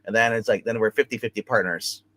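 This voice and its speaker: A man's voice: lowish voice, fairly even intonation, fast, a bit bright, no echo. A man co-hosting a casual TV review chat, recapping episodes in a rambling way full of repeats and fillers. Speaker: co-host reviewing a TV show.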